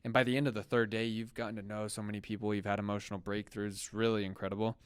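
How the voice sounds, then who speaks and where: Loud, animated male storyteller. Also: fairly low pitch, rapid-fire, clear, resonant tone, no echo, studio quality. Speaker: podcast co-host. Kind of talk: casual storytelling chat.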